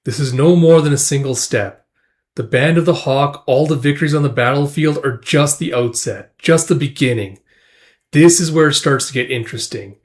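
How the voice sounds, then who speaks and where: A man voicing a charismatic, ambitious young male mercenary commander in a casual comic recap, calm and quietly self-assured. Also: medium pitch, moderate pace, natural voice. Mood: commanding.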